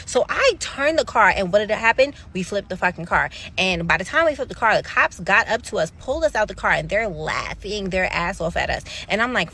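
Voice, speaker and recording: A woman telling a wild personal story in rapid, animated, repetitive casual narration. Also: mid-range voice, husky.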